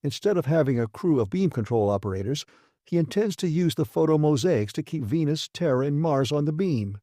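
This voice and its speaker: A man's voice: on the high side, expressive, brisk, mellow, no room sound, clean studio sound, voice pushed up, close to an everyday voice. A man voicing a laconic technician. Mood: matter-of-fact. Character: laconic male beam technician. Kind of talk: audiobook character voice.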